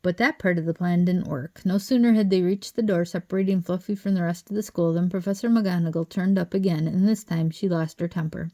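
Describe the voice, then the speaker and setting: A woman reading a children's novel aloud as an audiobook narrator, with steady, expressive reading. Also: lowish voice, fairly quick, hardly any pauses. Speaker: audiobook reader. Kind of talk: storybook narration.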